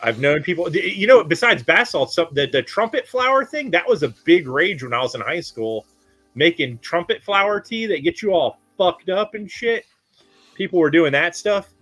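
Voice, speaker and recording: A man from Florida jokes and swears his way through a casual stream chat. His voice is bright and forceful. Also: a little high, big pitch swings, moderate pace, faint music behind. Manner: joking, profane.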